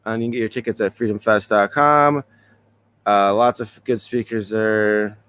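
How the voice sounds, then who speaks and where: A man's voice: lowish voice, steady tone, normal speed, a bit bright, smooth. A man hosting a casual podcast, talking loosely and rambling with frequent chuckles. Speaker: podcast host.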